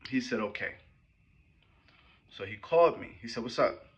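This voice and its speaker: A man hosting a podcast, telling a personal story in a casual, animated and slangy way, often checking in with his listeners. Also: medium pitch, normal speed, husky. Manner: animated, slangy, rambling with frequent "right?" and "you know what I'm saying". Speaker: podcast host.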